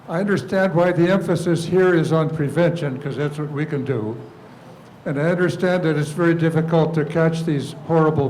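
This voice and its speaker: A man in the audience at a community seminar asking an earnest, measured question. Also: on the high side, a little mellow, slight background noise, low-quality recording. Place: church hall.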